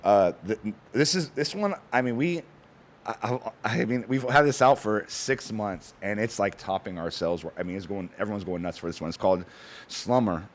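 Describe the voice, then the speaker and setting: A man on a talk show, telling stories in a fast, animated, casual way with frequent restarts. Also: fairly low pitch. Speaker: guest, cannabis company founder. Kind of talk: casual chat.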